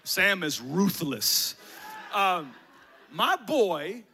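A man telling a rambling story about his son, animated and emotional, with many restarts. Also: high-pitched, drawn-out words. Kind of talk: storytelling comedy set.

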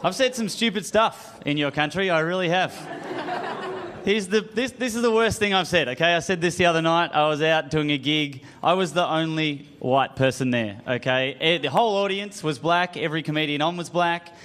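A young Australian man with an Australian accent doing an animated, self-mocking stand-up routine on a comedy club stage. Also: a little high, normal speed. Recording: live club with crowd laughter.

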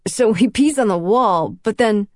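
A woman's voice: mid-range voice, expressive, measured pace, darkish tone, dry recording, studio quality, natural voice. A woman voicing a crude, tipsy teenage boy at a party who rambles in slang, peppered with "like".

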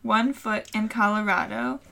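A woman's voice: medium pitch, steady tone, measured pace, vocal fry, pushed and bright, slight background noise. A woman co-hosting a podcast, joking in casual chat and asking mock-serious questions. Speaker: podcast co-host.

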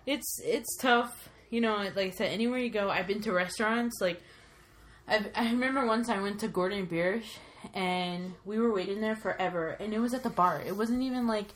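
A woman in casual chat, telling lively stories, swearing freely and acting out the people she quotes. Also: medium pitch, normal speed.

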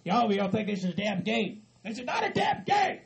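A man voicing a paranoid, furious hillbilly who yells curses nonstop in a raspy, screeching voice. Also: very high-pitched, expressive, moderate pace, a faint crowd, pitched above the performer's own voice, exaggerated voice. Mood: ranting. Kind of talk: hobby comedy skit acting.

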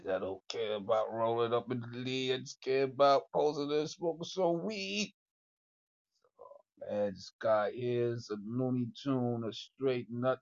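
A man running an improvised comedy skit on a livestream, ribbing his own characters in profane street slang. His voice has a gravelly fry and swings freely up and down, and the audio sounds dull and muffled. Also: mid-range voice, a little mellow.

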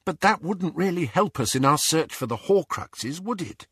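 A worried young witch girl with a raised, husky voice, as a male reader puts her on. She talks in an urgent, breathless rush and keeps pressing with questions, her tone rising and falling a lot. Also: fairly high pitch, big pitch swings, normal speed, no room sound, studio quality, pitched above the performer's own voice. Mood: probing. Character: anxious, bossy teenage witch girl.

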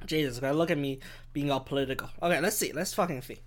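Talking fast at a medium pitch, a podcast host delivers a solo rant from home in Vancouver that's rambling, foul-mouthed and self-mocking. The handheld microphone is held too far from the face.

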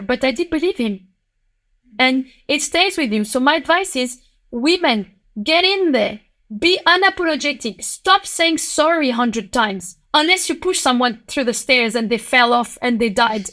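A woman's voice: animated, unhurried. A woman with a French accent, a lawyer speaking as a podcast guest, outspoken and emphatic. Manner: outspoken and emphatic, with sharp pitch jumps. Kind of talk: passionate podcast conversation.

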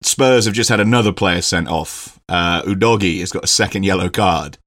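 A man co-hosting a podcast in casual chat, rambling and sweary, quick to laugh. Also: low-pitched, a bit bright. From Britain. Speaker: podcast co-host.

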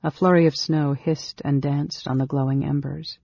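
Audiobook narrator with a steady read, gravelly and very raspy, on a dull, dry recording. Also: medium pitch, moderate pace, dry recording. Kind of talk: scripted narration.

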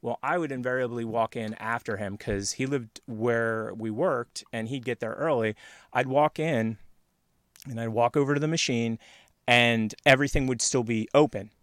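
A man's voice: mid-range voice, moderate pace, a bit bright, no room sound. A man in an easygoing conversation, telling an anecdote in a meandering, chatty way. His voice sits in a middle register and sounds close and dry, with hardly any room around it. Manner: rambling, laughs often, acts out quoted voices. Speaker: podcast host. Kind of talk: casual storytelling chat.

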